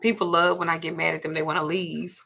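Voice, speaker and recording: Blunt, husky woman with a gravelly low voice. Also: little pitch movement, quick pace, bright, forceful tone. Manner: blunt and profane, retelling a client's story. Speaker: spiritual healer and host. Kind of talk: livestream talk.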